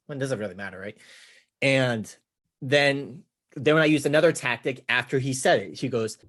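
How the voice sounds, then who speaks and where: A man coaching real estate agents on negotiation, energetic and casual, mimicking clients with playful chatter. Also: mid-range voice, a little fast. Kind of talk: teaching with slides.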